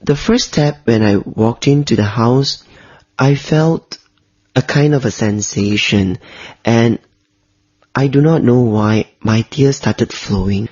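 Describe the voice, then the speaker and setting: A man tells a personal story as an interview guest, his voice husky and breathy at a middle pitch. He keeps the telling animated and now and then mimics the people he quotes. The recording sounds dull and lo-fi. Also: slow. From Malaysia.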